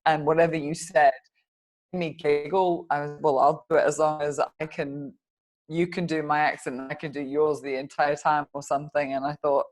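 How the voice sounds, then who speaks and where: A middle-aged woman, a podcast guest telling stories in an animated, giggly way. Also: sits low, moderate pace. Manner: animated storyteller, giggly, chatty. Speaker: podcast guest, fitness coach. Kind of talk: casual interview chat.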